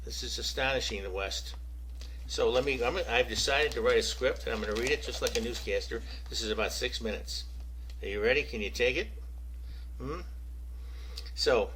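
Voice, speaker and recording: A man's voice: medium pitch, normal speed, long pauses, a bit bright, husky, rough recording. An American man giving casual, opinionated political commentary, addressing viewers directly with rhetorical questions. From United States.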